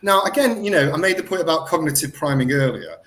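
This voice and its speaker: A middle-aged man telling a story as a guest in an interview, excitable and animated, often restarting his sentences. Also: a little high, fast. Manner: animated, excitable retelling with lots of self-corrections. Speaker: guest researcher.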